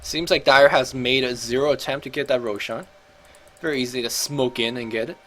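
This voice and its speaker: A man's voice: mid-range voice, steady tone, a little fast, a bit bright, slight background noise. A man casually commentating and coaching over a video game match, chatty and thinking aloud, often correcting himself.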